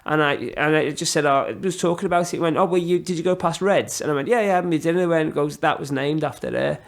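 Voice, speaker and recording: A middle-aged man chats as a podcast guest, his voice sitting a little high for a man. He spins long, rambling anecdotes, breaking them up with fillers and putting on the voices of the people in them. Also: fast, creaky. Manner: rambling, animated anecdotes with many fillers and laughs. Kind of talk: casual storytelling chat.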